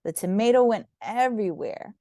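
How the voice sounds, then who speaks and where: A woman reading a children's storybook aloud with gentle, expressive narration. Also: medium pitch, normal speed, no room sound, clean studio sound. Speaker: storybook reader.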